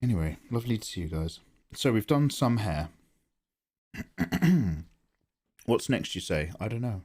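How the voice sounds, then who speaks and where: A man with a fairly low, darkish voice chats casually on a live stream as he draws. This livestreaming artist thinks out loud and greets viewers by name.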